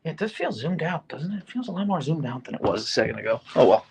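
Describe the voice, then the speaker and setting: Easygoing male stream host, gravelly fry, animated pitch, reads comments off his phone. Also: fast. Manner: chatty, easygoing, talks to his dogs between comments. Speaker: livestream host. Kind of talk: casual live chat reading viewer comments.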